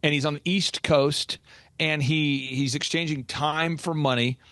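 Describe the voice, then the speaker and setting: A man hosting a business coaching podcast, telling stories in an animated, emphatic way. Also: on the high side, no room sound. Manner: animated storytelling, quick and emphatic. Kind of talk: energetic casual podcast talk.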